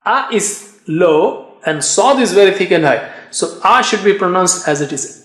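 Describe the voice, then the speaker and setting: A man's voice: sits high, normal speed, roomy sound. A man teaching a tajweed lesson in a patient way, drilling syllables again and again with emphasis. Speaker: Quran recitation teacher.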